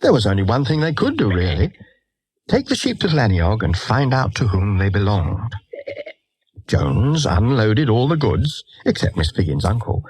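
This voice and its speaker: A man reading a children's storybook aloud in an expressive, lively way. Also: on the low side, moderate pace, slightly rough. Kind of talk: storybook narration.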